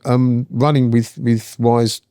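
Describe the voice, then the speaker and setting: A man's voice: mid-range voice, flat delivery, takes it slowly, dark tone, smooth, no room sound, clean studio sound. A man in his sixties, guest on a podcast, talking in a rambling, chatty way with lots of fillers and restarts. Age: 60s. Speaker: guest, founder and accountant. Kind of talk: casual podcast interview.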